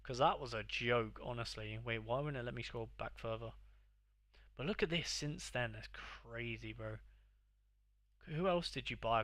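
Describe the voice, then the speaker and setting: A man's voice: mid-range voice, fairly bright tone, no echo, clean studio sound. A young man hosting a casual livestream, talking to his chat in exasperated, sweary banter. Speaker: livestream host.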